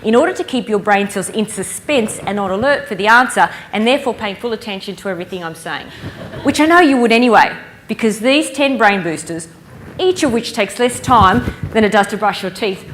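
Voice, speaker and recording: A woman giving a lively conference keynote, engaging the audience with stories and questions. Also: medium pitch, a little fast, slight background noise. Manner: lively, playful storyteller who engages the audience. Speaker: keynote speaker. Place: conference hall stage.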